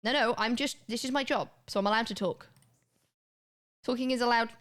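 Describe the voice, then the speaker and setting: A woman's voice: a little high, brisk, a bit bright. A young woman, chatting casually and swearing now and then while livestreaming a video game to her chat. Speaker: live streamer.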